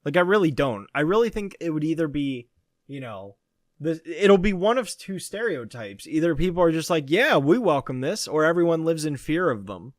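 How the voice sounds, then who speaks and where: A man's voice: fairly high pitch, sing-song, normal speed, no room sound, clean studio sound. A man co-hosting a podcast, chatting casually and laughing often. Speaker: podcast co-host. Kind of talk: casual chat.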